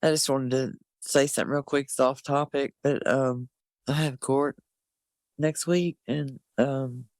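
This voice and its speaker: A woman in a recovery group, speaking slowly and hesitantly, worried and tired, sharing with emotion over a video call. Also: extremely low pitch, steady tone, darkish tone, dry recording. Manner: slow, tearful and hesitant.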